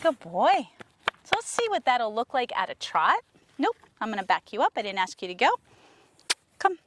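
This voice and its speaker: A woman trainer working a horse outdoors, her voice sitting a little high and swinging through a wide, lively range. She switches between gentle coaxing praise for the animal and excited explanations to the camera. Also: normal speed, background noise. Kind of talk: casual training vlog talking to camera and horse.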